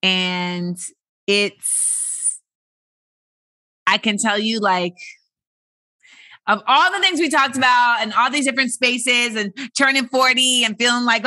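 A woman in her forties talks straight into a close, dry microphone in a loose, rambling podcast monologue. Her voice is bright and forward, full of "like" and "you know." She keeps breaking into loud, excited bursts. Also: fairly high pitch, normal speed, dry recording. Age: 40s. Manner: animated and chatty, many filler words, bursts of loud excitement. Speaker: podcast host. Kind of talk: casual solo podcast monologue.

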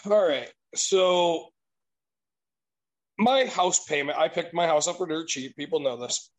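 A man's voice: a little high, takes it slowly, low-quality recording. A man telling an exasperated, profanity-laced story in casual chat.

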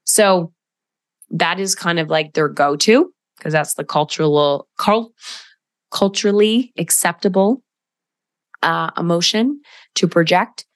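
A woman's voice: fairly low pitch, slow, long pauses, no room sound. Direct, coaching podcast woman, dry close sound. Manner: direct, coaching tone with emphatic asides. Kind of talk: solo podcast talk.

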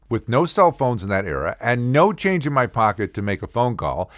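An older man telling a funny personal story in a casual, animated way, acting out the yelling and the other people's lines. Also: mid-range voice, no echo, studio quality.

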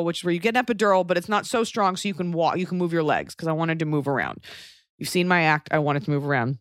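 A woman's voice: low voice, fast talker, no room sound, clean studio sound. A woman in her thirties telling a personal story in a casual, wry way, acting out other people's voices as she goes.

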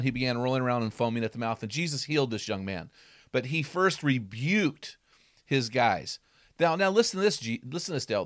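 A man, a former football coach, talking through Bible passages in an animated casual way, acting out quotes with loud bursts. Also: a little high, no echo, studio quality. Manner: emphatic, acts out quotes with sudden loud bursts.

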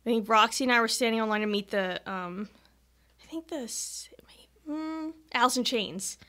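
A woman, a musician guest on a podcast, chatting casually and telling an animated story with acted-out quotes and frequent laughs. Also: a little high, moderate pace. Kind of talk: casual chat.

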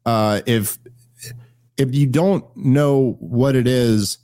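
A podcast host rambles about politics, joking and swearing in a casual comedic chat. His medium-pitched, dark voice moves extremely slowly.

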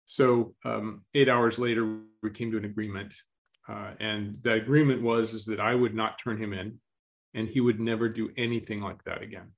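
Male guest, calm storyteller, slow and even, clears his throat between thoughts. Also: on the low side. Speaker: interview guest. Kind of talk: storytelling in an interview.

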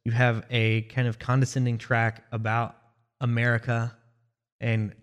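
A man's voice: medium pitch, monotone, unhurried, smooth. Male co-host, casual music review talk, hesitant and thoughtful delivery. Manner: thoughtful, hesitant, with many fillers and restarts. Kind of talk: casual album review chat.

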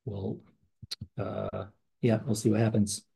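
A man's voice: fairly low pitch, steady tone, takes it slowly, gravelly, dark tone, faint music behind. A man co-hosting a podcast, talking in a casual conversational way with many fillers and restarts. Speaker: podcast co-host. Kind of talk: casual chat.

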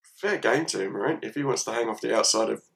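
Gravelly man with wry asides. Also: lowish voice, fast, fairly bright tone. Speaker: podcast co-host. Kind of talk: casual film chat.

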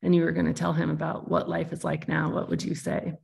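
A woman's voice: deep voice, monotone, brisk, vocal fry, a little mellow. A woman hosting a podcast interview, talking in a thoughtful, searching way with frequent restarts. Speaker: podcast host. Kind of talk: reflective conversational interview.

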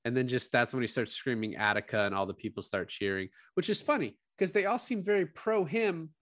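A man in casual podcast talk, breaking down a film scene by scene. He slips into quoted dialogue with quick laughs. The sound is close and dead dry. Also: mid-range voice, dry recording. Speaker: podcast co-host. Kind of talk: casual movie discussion.

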